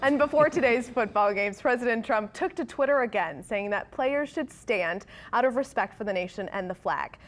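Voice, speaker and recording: A woman's voice: on the high side, expressive, moderate pace, hardly any pauses, a little hiss or hum. A woman anchoring a morning TV newscast, reading stories and bantering playfully with co-hosts. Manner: upbeat, playful between stories. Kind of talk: scripted news reading with banter.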